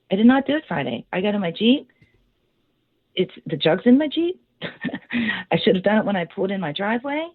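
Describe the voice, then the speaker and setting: A woman telling a long story in an interview, rambling and animated with many fillers, on a phone line. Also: medium pitch, husky, no room sound. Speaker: owner of a haunted house, interview guest. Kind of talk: casual storytelling.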